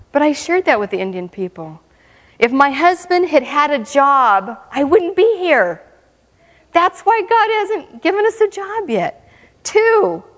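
A woman with a somewhat high voice tells her mission testimony in an animated, humorous way, laughing often as she goes. Her voice rings with the long reverb of a church hall. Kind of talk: lively testimony talk.

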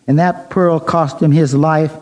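Mellow-voiced man telling a sermon story. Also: a little high, steady tone, a little slow, low-quality recording. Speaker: preacher.

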